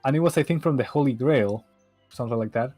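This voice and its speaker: A man's voice: mid-range voice, fast talker, mellow, dry recording, soft background music. A man streaming, chatting casually and telling rambling anecdotes with frequent laughs. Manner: rambling storyteller, laughs often, acts out quotes. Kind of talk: casual chat on a livestream.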